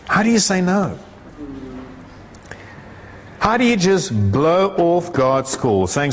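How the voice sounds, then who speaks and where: A man preaching a sermon with passion, his delivery soaring and then dropping into a low, conversational tone. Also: big pitch swings, takes it slowly, long pauses. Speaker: pastor. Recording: echoey hall with long reverb.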